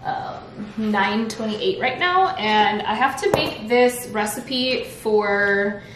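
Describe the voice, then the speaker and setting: A young woman vlogging casually from home, bubbly and excitable, sometimes softly emotional. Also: mid-range voice, slow pace, reverberant, noisy background. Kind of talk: casual vlog chat. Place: at home, bedroom and kitchen.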